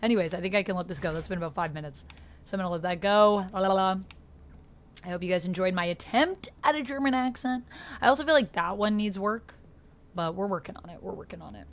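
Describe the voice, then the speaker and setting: A woman's voice: on the low side, fast, slight background noise. Woman, Canadian accent, young adult, live-stream gamer, casual chat, filler words. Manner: chatty, reads chat aloud, frequent fillers.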